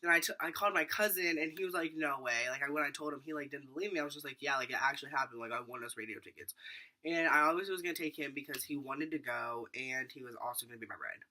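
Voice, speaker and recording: A teenage boy vlogger tells a rambling storytime, speaking fast in a mid-range voice. His animated retelling is packed with fillers and acted-out quotes.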